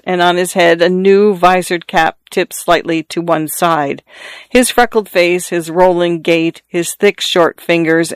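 A narrator reading a classic story in a measured, descriptive way. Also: mid-range voice, smooth, dry recording.

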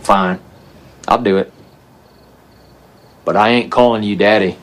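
An actor playing a frustrated, touchy grown son who exclaims in agitation. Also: male voice, fairly low pitch, fairly even intonation, a little slow, close to an everyday voice. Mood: sullen. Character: frustrated ex-racer son, high-strung and touchy.

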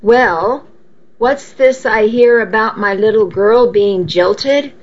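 A woman's voice: on the high side, slow pace. A woman reading aloud and voicing a blustering, scornful middle-aged father, on a dull lo-fi recording.

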